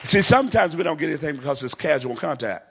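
A man's voice: a little high, animated, fast, gravelly, fairly bright tone, a faint crowd. A man preaching a revival sermon at a large crusade, acting out the dialogue of the story he tells.

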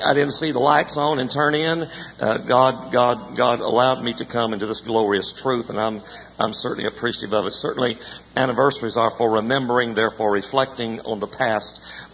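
Older guy preaching in church, gravelly voice, folksy and jokey, big echo, a bit of hiss. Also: medium pitch, fairly bright tone. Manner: folksy, joking storyteller with a preaching cadence. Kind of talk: sermon. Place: church sanctuary. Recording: echoey church hall, faint noise.

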